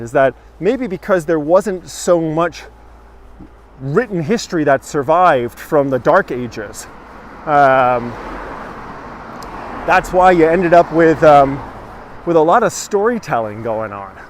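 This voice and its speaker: A fairly high-voiced man guides a live walking tour, talking in a loose, jokey way and answering comments as he goes. He is outdoors on a village street, and faint traffic hums behind him. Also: expressive, slow pace.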